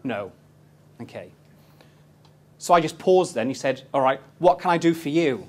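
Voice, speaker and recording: A man's voice: fairly high pitch, animated, fairly quick, pauses often. A man in his thirties giving a live property investment seminar, telling stories cheekily and quizzing his audience.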